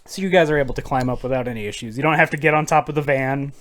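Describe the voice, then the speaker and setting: A man's voice: mid-range voice, racing, a bit bright. A man running a tabletop role-playing game as game master, in a casual, joking way that includes swearing. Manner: casual, swearing, laughing often.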